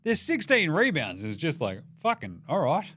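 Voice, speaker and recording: A man's voice: fairly high pitch, wildly swooping pitch, moderate pace, sharp tone, no room sound. A young Australian man hosting a casual basketball podcast, irreverent and sweary, joking through the day's results. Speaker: NBA podcast host. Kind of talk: casual sports commentary.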